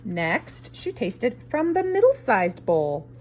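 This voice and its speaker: A woman reading a picture book aloud to children in an expressive storyteller's way. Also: on the high side, slow pace. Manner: expressive, varied storyteller delivery. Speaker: storybook reader.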